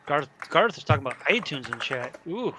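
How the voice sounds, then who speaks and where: A man's voice: fairly high pitch, big pitch swings, fairly quick, background noise. A man chatting as a guest on a livestream, joking and bantering playfully over a video call. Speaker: stream guest. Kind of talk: casual livestream chat.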